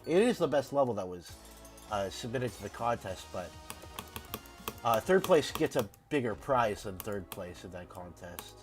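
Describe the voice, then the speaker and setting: A man's voice: fairly low pitch, sing-song, normal speed, soft background music. A man with a head cold chatting casually on a game stream, rambling and repeating words as he restarts sentences. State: congested from a cold. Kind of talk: casual live-stream chat.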